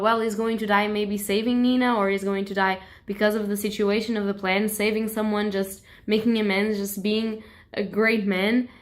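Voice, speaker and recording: A young woman book vlogger in a casual, emotional reaction vlog, gushing and swearing freely. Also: medium pitch.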